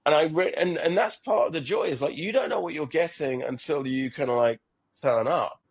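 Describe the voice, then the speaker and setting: A man's voice: fairly high pitch, moderate pace, husky. A middle-aged man, a startup founder, speaking as a podcast guest in an earnest, reflective way, often repeating words and restarting his sentences. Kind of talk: reflective conversational interview.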